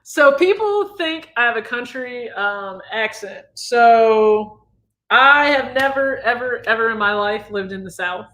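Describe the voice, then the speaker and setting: Midwestern man, 30s, channel host; easygoing chat with a sharp, bright tone. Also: extremely high pitch, a little slow. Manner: relaxed, chatty, reads viewer questions aloud. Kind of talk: casual livestream Q&A.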